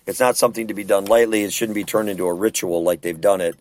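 A man leads a casual Bible study discussion, speaking earnestly and conversationally and often checking in with rhetorical questions. His voice is lowish and a little mellow, and he talks fast.

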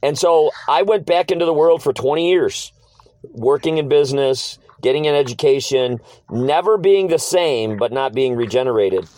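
A man's voice: mid-range voice, moderate pace, warm tone. A middle-aged man telling his life story as an interview guest, earnest and casual, acting out old conversations and repeating short phrases.

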